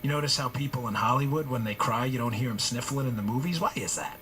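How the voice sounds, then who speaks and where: A man's voice: mid-range voice, fast, fairly bright tone, slight background noise. A male talk show host in his forties delivering a heated political monologue, hammering points with repeated rhetorical questions.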